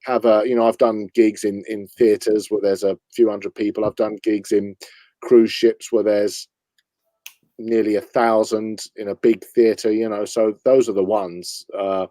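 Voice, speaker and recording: A man's voice: lowish voice, flat delivery, a little slow, warm tone, no room sound. A man from London, an impressionist chatting casually on a video call, laughing often and sliding into voices. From London, England. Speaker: impressionist and comedian guest. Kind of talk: casual interview chat.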